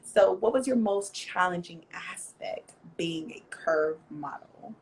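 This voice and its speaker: A woman hosting a casual interview, gushing and bubbly, quick to laugh. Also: fairly low pitch, animated, low-quality recording. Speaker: interview host.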